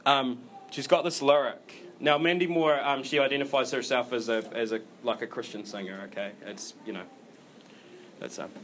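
A man preaching a sermon in a relaxed, conversational way, full of fillers and restarts. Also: medium pitch, slight background noise. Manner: informal, rambling delivery with many fillers and restarts.

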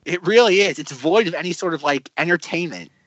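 A man co-hosting a podcast, chatting casually about a sketch show, animated and full of fillers. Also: a little high, fairly quick, no echo, dull audio. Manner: animated, acts out quotes, many fillers. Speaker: podcast co-host. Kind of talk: casual chat reviewing a sketch comedy show.

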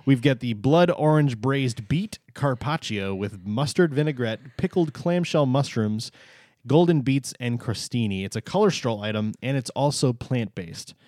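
A man chatting casually as co-host, his pitch swinging lively while he teases and jokes. The sound is dry and close, with no room echo. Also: moderate pace. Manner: playful, teasing, animated. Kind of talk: casual chat.

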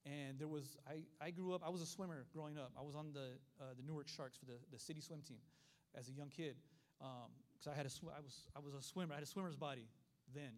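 Lively fast-talking male preacher. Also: fairly high pitch. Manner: animated storytelling with acted voices. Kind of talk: sermon.

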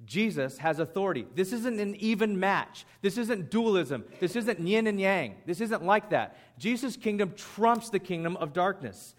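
A male pastor preaching with a slightly raised pitch. He talks in a lively, conversational way, like he's chatting with the congregation rather than reading. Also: normal speed, few pauses. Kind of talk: sermon.

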